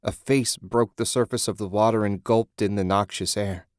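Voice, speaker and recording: A low-pitched man narrating a horror story in a measured, grim manner. The read is close and completely dry, with no trace of a room. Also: steady tone, clean tone, no room sound. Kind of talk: scripted horror audiobook narration.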